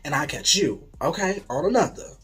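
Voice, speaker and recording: A young adult vlogger telling a story to viewers in a casual, animated way, swearing freely and dropping into dramatic whispers. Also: medium pitch, moderate pace, breathy edge, soft background music.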